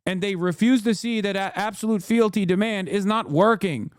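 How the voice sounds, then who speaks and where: A man's voice: high-pitched, moderate pace, no echo, studio quality. A man in his thirties hosting a live-stream reaction, ranting sarcastically and reading chat messages aloud. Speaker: streamer host.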